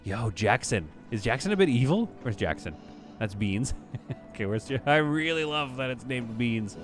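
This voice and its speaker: A man's voice: medium pitch, lively intonation, moderate pace, soft background music. A man hosting a casual live stream, chatting as he plays and reading viewers' messages aloud. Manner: chatty, muses aloud, reads chat. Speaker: streamer host.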